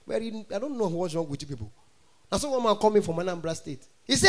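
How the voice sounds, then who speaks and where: A Nigerian-accented male comedian tells stories on stage in an animated way, often breaking into mock singing. His voice sits high for a man. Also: quick pace. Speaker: stand-up comedian. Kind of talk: stand-up comedy in Pidgin.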